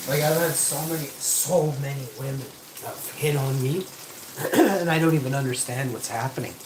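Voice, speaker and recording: A medium-pitched man speaks at a moderate pace, far from the mic in an echoey home kitchen with loud frying sizzle in the background. Streaming live while he cooks, he rambles in crude casual chat with heavy swearing.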